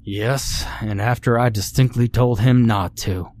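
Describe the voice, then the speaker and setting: A man's voice: medium pitch, fairly even intonation, a little slow, darkish tone, a little hiss or hum, close to an everyday voice. A man voicing an angry, protective father scolding his son.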